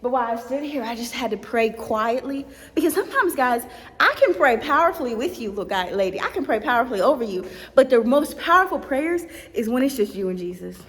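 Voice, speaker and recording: A woman's voice: fairly high pitch, lively intonation, a little fast. Fervent woman vlogging in an echoey office. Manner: fervent and preachy, with quiet prayerful asides. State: out of breath. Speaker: vlogger and ministry leader. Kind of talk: casual inspirational vlog talk. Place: empty office room, indoors. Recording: long room reverb.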